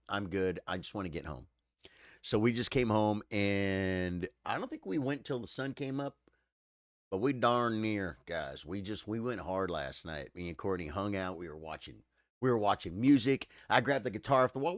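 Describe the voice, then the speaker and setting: Man, low-pitched voice, tired, choked up, halting, repeats words, casual live-stream chat, dry sound. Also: expressive, fairly bright tone, dry recording. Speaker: streamer chatting with viewers.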